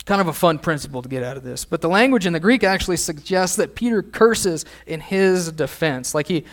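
Conversational in tone, a middle-aged pastor delivers a sermon and asks his audience questions. He speaks at a fairly high pitch.

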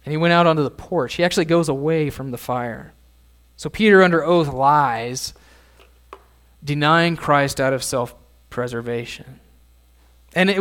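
A middle-aged male pastor preaches a sermon in a relaxed, conversational style, frequently pausing to put questions to his listeners. His voice is a bit higher than most men's and a bit bright.

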